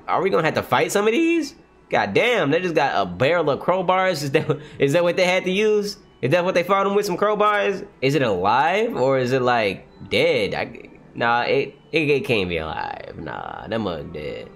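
A man reading a manga aloud on a livestream and reacting, animated, often exclaiming and laughing. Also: on the high side, moderate pace.

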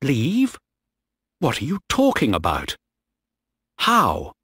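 A man's voice: medium pitch, huge pitch swings, slow, a bit bright, slightly rough, dry recording, studio quality, heavily acted. A man voicing a worried male sailor who pleads with his friend in a storybook reading. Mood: alarmed.

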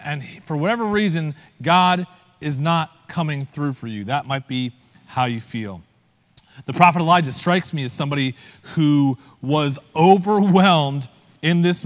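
Male pastor, slightly high voice, conversational sermon delivery, long hall reverb. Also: moderate pace. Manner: conversational, asks listeners direct questions. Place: church.

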